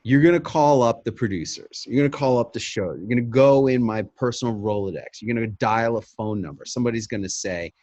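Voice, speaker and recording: Brisk salesy man coaching a pitch. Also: a little mellow, dull audio. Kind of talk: live webinar coaching and pitch demo.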